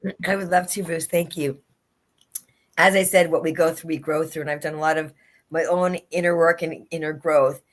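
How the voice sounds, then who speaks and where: Low-voiced and steady, a woman talks at normal speed in an earnest motivational talk. She's a life and leadership coach being interviewed as a guest on a video-call livestream, and she repeats her key phrases for emphasis.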